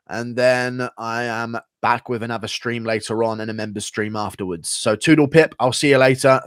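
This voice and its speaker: A man's voice: mid-range voice, no room sound, clean studio sound. Blunt, sweary man streaming. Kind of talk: casual live-stream chat.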